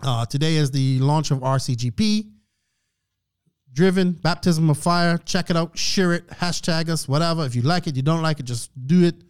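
Guy ranting on his podcast, kinda preachy, keeps clearing his throat, voice on the higher side. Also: moderate pace. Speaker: podcast host. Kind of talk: casual podcast rant.

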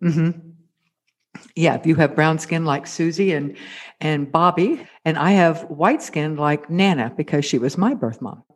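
A man hosting a casual advice conversation, posing questions in a measured, thoughtful way. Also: fairly high pitch. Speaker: host. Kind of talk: casual interview talk.

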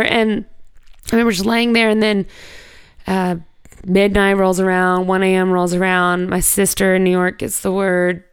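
A woman speaks with a gravelly edge and a smooth, resonant tone. She tells a personal story as an interview guest, casual and candid, full of "like" and a few swear words. The sound is close and dry. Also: mid-range voice, little pitch movement, moderate pace, dry recording. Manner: conversational, heavy use of "like", candid with swearing.

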